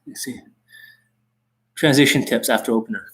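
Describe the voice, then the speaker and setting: A man's voice: medium pitch, normal speed, a bit bright. A middle-aged man, a dating coach, talking on a live stream in an intense, rambling, profane way that can come across as angry.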